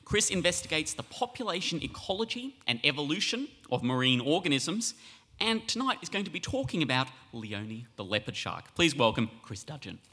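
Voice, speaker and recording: A man's voice: a little high, sing-song, moderate pace, bright, forceful tone, slight background noise. A man hosting a science evening, introducing speakers with a wisecrack. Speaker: event host. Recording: long hall reverb.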